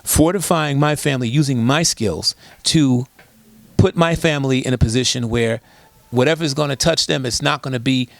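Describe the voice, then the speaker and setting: Gravelly guy on an interview, pushy rhetorical questions, dry close sound. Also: mid-range voice, moderate pace, no room sound. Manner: emphatic storyteller, rhetorical questions. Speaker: guest, disaster preparedness expert. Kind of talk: conversational interview.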